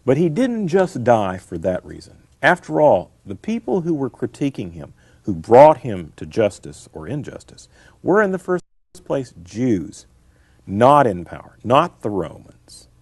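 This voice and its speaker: Gravelly emphatic male scholar. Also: medium pitch, huge pitch swings, a little slow, a little mellow, dry recording, studio quality. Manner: emphatic, lecturing, repeats key phrases. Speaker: guest scholar. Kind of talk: explanatory interview answers.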